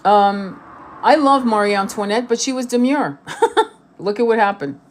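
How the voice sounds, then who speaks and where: A woman's voice: medium pitch, expressive, normal speed, slight background noise. Blunt, cursing woman lecturing to camera. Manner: blunt, profane and emphatic, with many repetitions. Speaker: spiritual tarot and twin flame reader. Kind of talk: casual monologue to camera.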